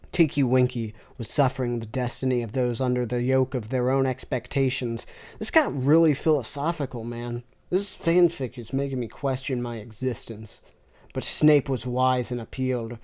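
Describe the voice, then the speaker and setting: A woman reading weird fanfiction aloud with deadpan, sarcastic asides. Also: extremely low pitch, normal speed. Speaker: fanfiction reader. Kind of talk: comic reading with reactions.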